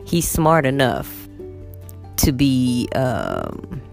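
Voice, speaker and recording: A woman teacher, chatting casually to her viewers in an animated storytelling manner. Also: a bass voice, drawn-out words, vocal fry, soft background music. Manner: chatty, animated storytelling with acted quotes of students. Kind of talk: casual vlog chat.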